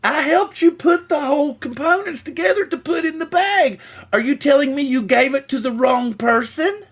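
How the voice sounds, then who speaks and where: An exasperated female restaurant manager , put on by a man in a lifted, higher voice. She scolds a worker, and her pitch swings widely. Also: expressive, moderate pace, fairly bright tone, heavily acted.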